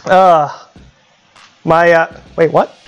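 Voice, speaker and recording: Male streamer, lively swearing reactions, slow easygoing talk. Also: sits high, dull audio, faint music behind. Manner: laughing, profane, reacting loudly. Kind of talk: casual live-stream chat.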